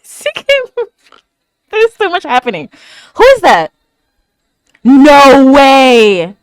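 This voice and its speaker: Reaction host, woman: high voice that swings wildly, gasping and stammering exclamations, dry close sound. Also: sing-song, takes it slowly, no echo. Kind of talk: live anime reaction commentary.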